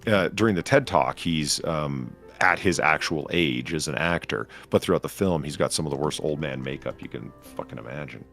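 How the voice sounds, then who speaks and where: Podcast co-host, male, very low gravelly voice, sarcastic and profane, faint music underneath. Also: normal speed, hardly any pauses, a bit bright. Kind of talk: casual chat reviewing a film.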